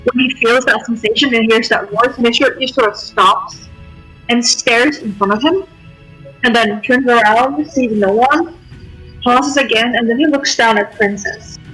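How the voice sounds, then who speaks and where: Bright-voiced woman playing a tabletop game. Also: on the high side, normal speed, breathy edge, faint music behind, low-quality recording. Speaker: player. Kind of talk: describing a character's actions at the table.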